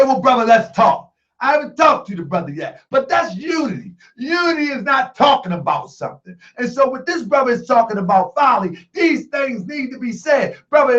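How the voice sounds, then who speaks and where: High-voiced emphatic man hosting a livestream. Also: muffled recording. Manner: emphatic, repetitive, often shouting; joking, laughs often. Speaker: livestream show host. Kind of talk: call-in livestream talk.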